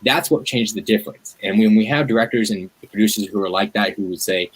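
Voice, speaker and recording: A man speaking as a guest on a livestream, talking in an animated, rambling way with many fillers and restarts, heard over a video call. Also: fairly low pitch, brisk, breathy edge, low-quality recording. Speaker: guest, media activist. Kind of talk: livestream conversation.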